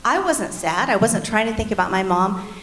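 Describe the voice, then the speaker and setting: Speaking at normal speed with a fairly bright, medium-pitched voice and lively intonation, a middle-aged woman co-leads a church marriage class. She tells personal stories candidly, addressing the class directly in an earnest teaching style. The meeting room is echoey with faint background noise.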